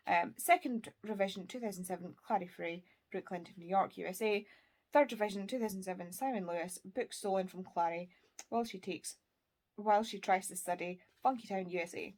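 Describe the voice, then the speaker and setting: An enthusiastic woman from the UK chats through her recent reads in a casual vlog. Her voice sits at a middle pitch, and she sometimes drops into a soft whisper. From United Kingdom. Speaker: book vlogger. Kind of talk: casual book wrap-up talk.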